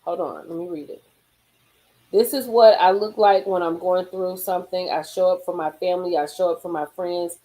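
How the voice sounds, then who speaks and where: A woman hosting a casual live stream from a car, reading gossip aloud and reacting with sudden high exclamations and low murmurs. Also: moderate pace, rough recording. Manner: animated, swings into high exclaims and drops to murmurs.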